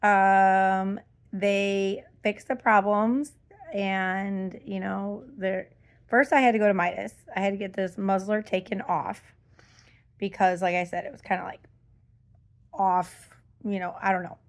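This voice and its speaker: Woman, middle-aged, slow unhurried delivery, casual vlog rant, exasperated, rambling. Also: mid-range voice, fairly even intonation. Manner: exasperated, rambling with many fillers. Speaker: vlogger.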